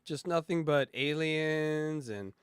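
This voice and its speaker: A man co-hosting a podcast jokes through a casual chat and laughs often. His voice sits a little high, and the sound is dry and close. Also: slow, clear, resonant tone, dry recording. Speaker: podcast co-host.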